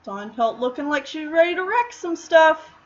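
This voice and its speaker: A woman's voice: sits high, expressive, normal speed, dull audio. A woman streamer chatting casually while drawing, answering questions in a rambling way with lots of fillers.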